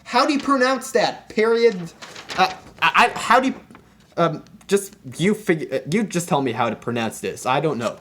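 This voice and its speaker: High-voiced young man ranting about slang. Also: lively intonation, normal speed, fairly bright tone, a little hiss or hum. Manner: exasperated, full of fillers and restarts. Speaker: commentary vlogger. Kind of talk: comedic rant.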